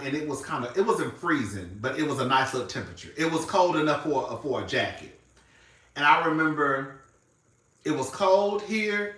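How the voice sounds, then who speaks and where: A man chatting casually to camera as a reality TV reviewer. He calls everyone "girl", swears freely and swings between loud and hushed. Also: medium pitch, recorded from a distance. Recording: echoey room, voice off-mic.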